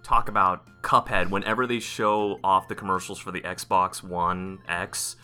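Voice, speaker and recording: A man co-hosting a podcast in casual chat, excitable and rambling, restarting his sentences often. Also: low-pitched, measured pace, soft background music. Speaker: podcast co-host.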